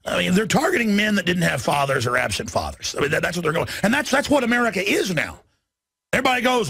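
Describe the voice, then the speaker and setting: Gravelly ranting male radio host. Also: sits high, sing-song, fast, no room sound. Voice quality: gravelly, husky. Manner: combative, mocking, rising to shouts. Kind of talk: ranting monologue.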